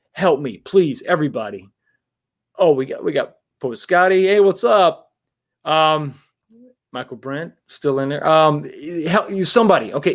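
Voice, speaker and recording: A man hosting a casual livestream talk show, rambling with many restarts and greeting viewers in the chat. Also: fairly high pitch.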